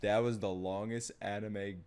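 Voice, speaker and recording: A young man casually reacting to an anime, excitable, laughing and swearing, with loud bursts. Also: fairly low pitch, normal speed, loud music behind the voice.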